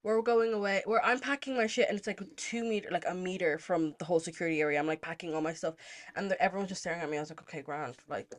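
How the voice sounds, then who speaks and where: A young woman from Zimbabwe hosting a podcast, telling a story in a casual, animated way and moving into political commentary, with lots of "like" and some swearing. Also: lowish voice, rapid-fire. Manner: animated, chatty, heavy use of "like", swears freely. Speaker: podcast host.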